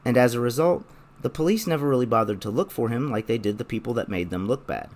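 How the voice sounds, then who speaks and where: A young man narrating a scripted video essay in a measured, explanatory way. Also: mid-range voice, expressive, a little mellow, slight background noise.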